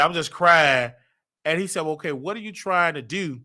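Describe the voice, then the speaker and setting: A man from Chicago with a Chicago accent, telling a personal story casually and acting out what people said with big jumps in his voice. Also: normal speed. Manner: animated, acts out quotes with big pitch jumps.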